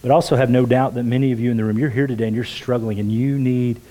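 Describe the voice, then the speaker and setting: Earnest pastor with a mellow voice. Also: male voice, medium pitch, fairly even intonation, quick pace, poor audio. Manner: earnest, drops to a hush for quoted words. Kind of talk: sermon. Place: church sanctuary.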